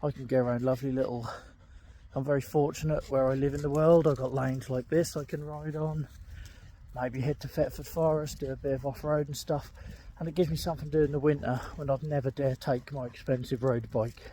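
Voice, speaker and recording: A man's voice: medium pitch, steady tone, a little fast, mellow, a little hiss or hum. A middle-aged man, in pain and limping, talking candidly with lots of ums while walking his dog outdoors, recorded on an earbud mic. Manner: candid, rambling, frequent ums. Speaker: vlogger. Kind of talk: casual walking vlog.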